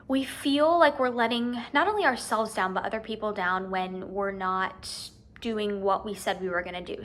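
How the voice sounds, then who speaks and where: Bright-voiced young woman, candid rambling vlog. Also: medium pitch. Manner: rambling, many ums and you-knows, tearful in places. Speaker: vlogger and fitness coach.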